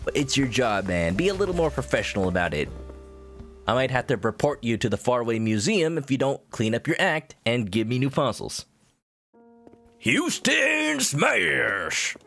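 Male game streamer, casual and jokey with chat, very animated pitch, faint game music behind. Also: brisk. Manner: chatty, jokey, talks to chat.

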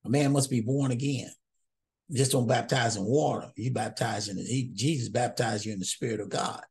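A man's voice: medium pitch, fairly even intonation, moderate pace, darkish tone, breathy edge. A man teaching through scripture verse by verse in a casual, conversational way, often stopping to ask "okay?" and repeating words as he goes. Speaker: Bible teacher.

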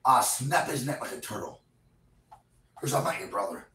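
A man's voice: medium pitch, expressive, moderate pace, sharp tone. A man arguing with his partner in a motel room, agitated and pleading, often swearing. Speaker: vlogger's partner. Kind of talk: heated argument, addressing viewers. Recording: echoey room, distant mic, faint background noise.

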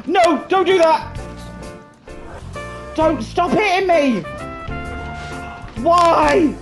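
Excitable high-voiced woman gamer. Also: drawn-out words, pauses often, poor audio. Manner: excitable, swearing, shrieking laughter. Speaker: gamer streamer. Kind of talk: casual co-op gameplay chat. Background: game music.

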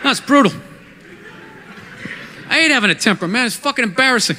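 A man ranting through stand-up comedy in a high, strained voice, swearing freely and breaking into shouts. His voice rings with long reverb through a large theater, over clear room noise from the live crowd. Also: expressive, a little fast, pauses often. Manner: ranting, profane, bursts into shouting.

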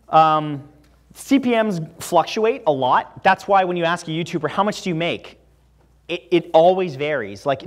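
A young man from Canada speaks to a college audience in a lecture room. His voice sits a little high for a man, and he talks in a loose, chatty way full of fillers and asides. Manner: casual, chatty, lots of "like" fillers. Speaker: guest speaker. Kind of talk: campus talk with Q&A.

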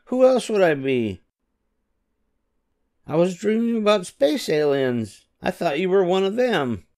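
A vain little girl hamster from a storybook, all gushing drama, as an older grandfatherly reader puts her on. She speaks high and swoops wildly up and down, with a gravelly edge. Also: very animated, measured pace, a little mellow, exaggerated voice. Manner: theatrical, gushing and wailing.

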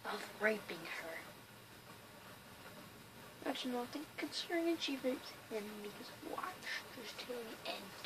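A woman giving excitable, chatty, jokey let's play commentary over a game. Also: high-pitched, brisk, noisy background. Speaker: gamer.

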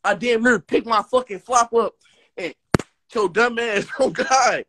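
A man's voice: very high-pitched, a little slow, fairly bright tone. A young man and rapper giving a heated, profane live-stream rant full of slang trash talk.

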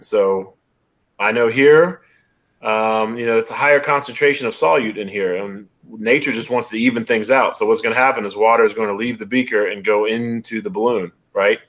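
A man with a slightly low voice leads a relaxed exam review over a video call. He walks through each step and keeps checking that the listener follows. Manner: conversational, explains step by step with frequent "right?" checks. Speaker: college biology instructor. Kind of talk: casual online exam review.

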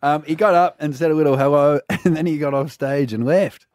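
A man's voice: fairly high pitch, fairly even intonation, fairly quick, a little mellow, no room sound, clean studio sound. A man co-hosting a radio show, joking and teasing in casual banter. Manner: joking, teasing, full of laughs. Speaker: radio co-host. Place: radio studio. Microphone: studio mic.

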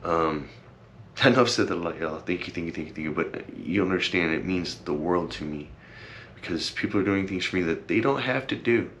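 Deep-voiced and brisk, with a fairly bright tone and a little hiss or hum in the background, a young man speaks casually to his camera. His heartfelt vlog talk is rambling and earnest, packed with fillers, repeated thanks and moments of tears.

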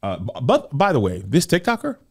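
A man hosting a casual podcast, talking in an animated, joking way and acting out voices. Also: fairly high pitch, breathy edge. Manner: animated, quick to act out voices and joke. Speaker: podcast host. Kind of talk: casual chat.

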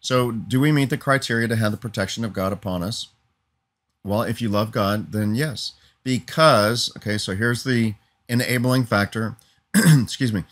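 A man's voice: lowish voice, moderate pace, a bit bright. A man preaching an earnest teaching sermon, building emphatic lists and often asking "Amen?" for assent.

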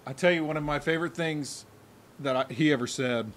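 This podcast co-host has a fairly high-pitched voice and a brisk delivery, with a little hiss or hum in the audio. He chats casually, tells stories with animation, and laughs a lot.

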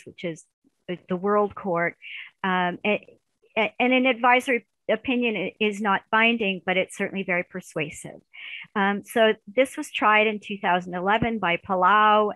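Middle-aged woman lecturing, lots of ums and restarts, lowish voice, dry sound. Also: fairly bright tone, no echo, rough recording. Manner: hesitant, many fillers and restarts. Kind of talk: recorded university lecture.

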